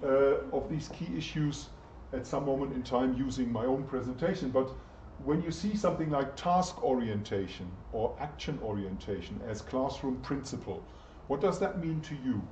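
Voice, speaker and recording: A man lecturing a university class in a relaxed, chatty way, stopping often to put questions to the students. He sounds distant in an echoey lecture room, and the recording is dull and muffled. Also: medium pitch, normal speed, hardly any pauses, slight background noise. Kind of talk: interactive lecture.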